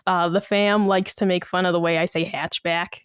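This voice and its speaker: A woman's voice: fairly low pitch, moderate pace, clear, resonant tone, no room sound, studio quality. A woman with a Massachusetts accent, chatting casually on a podcast and telling stories that quote other people along the way. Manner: chatty storytelling, quotes people in lively asides. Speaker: podcast co-host.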